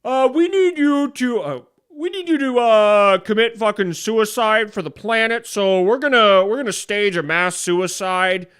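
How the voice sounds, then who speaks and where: A man's voice: unhurried, hardly any pauses, fairly bright tone, clean tone. A man doing a mocking impression of a whiny, preachy leftist. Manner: sneering, high-pitched mockery.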